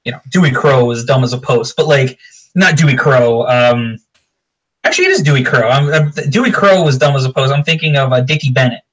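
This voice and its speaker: Male co-host, bright tone, loose and rambling, quick to laugh. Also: a little high, rough recording. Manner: rambling, animated, laughs often. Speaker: podcast co-host. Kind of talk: casual chat.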